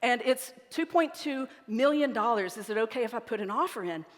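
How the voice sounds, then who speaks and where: A woman's voice: fairly high pitch, expressive, fairly quick, in a large hall, lightly acted. Woman voicing a sweetly coaxing wife. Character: cheerful wife asking to spend big.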